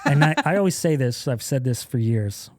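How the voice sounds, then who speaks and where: A man's voice: medium pitch, expressive, a little fast, no echo. Guy in his 30s spinning funny stories on a podcast, swears a lot, laughs a lot, dry close sound. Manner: profane, laughing, acts out loud quotes. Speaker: podcast guest. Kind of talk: casual storytelling.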